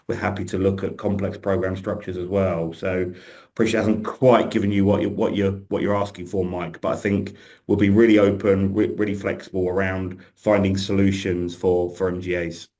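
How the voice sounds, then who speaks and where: A man with a very low voice answering a question on a webinar panel. He speaks in an open, reassuring way and keeps returning to the same words, heard over a video call. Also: a little mellow. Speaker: insurance company representative.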